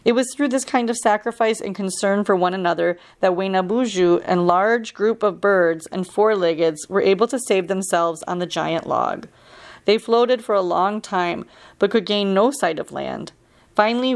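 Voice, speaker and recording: A woman, a park ranger, reading a storybook aloud for children in a calm, steady and clear way. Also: medium pitch, normal speed.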